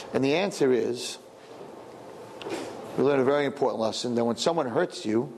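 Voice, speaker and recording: A man teaching a lively Torah lesson, animated and joking, asking rhetorical questions. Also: medium pitch, fast talker, a little hiss or hum.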